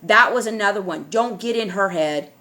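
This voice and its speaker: A woman's voice: medium pitch, normal speed, pushed and bright. Emphatic woman vlogger talking to viewers. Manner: emphatic, repetitive, checks in with "all right?". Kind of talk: casual monologue to viewers.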